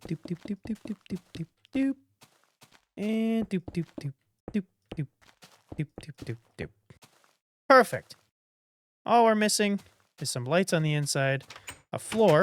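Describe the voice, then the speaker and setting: A man's voice: mid-range voice, no echo. A man thinking aloud in casual commentary as he builds in a block-building game, rambling and trailing off between ideas. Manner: rambling, thinks aloud while building, hums doop sounds. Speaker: gameplay commentator.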